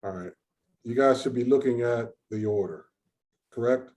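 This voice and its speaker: Over a video call, a man hosts an online research session, talking informally and chattily as he thinks aloud. His voice is medium in pitch with a darkish tone, and he speaks at a moderate pace.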